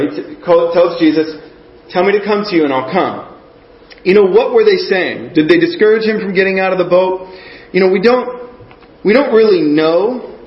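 A man giving a conversational sermon, earnest and often checking in with his listeners. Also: sits high. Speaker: preacher. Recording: echoey muffled room recording.

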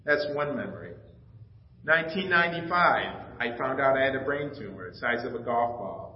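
A middle-aged pastor giving a personal testimony in a sermon, telling stories and acting out the dialogue with emotion. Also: male voice, medium pitch, lively intonation, normal speed, slight background noise. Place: church sanctuary. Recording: echoey, slightly dull church recording.

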